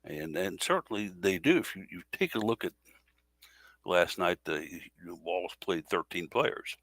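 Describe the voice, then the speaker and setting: A man co-hosting a casual sports podcast, talking in a halting way with many fillers and self-corrections. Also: low voice, animated, gravelly, a bit bright. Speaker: podcast co-host.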